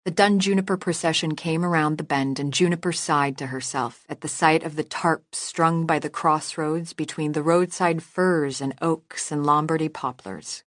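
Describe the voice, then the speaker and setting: A woman reading a novel aloud as narrator in a measured, even storytelling manner. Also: low voice, dry recording, studio quality. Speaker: audiobook narrator. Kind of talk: scripted narration.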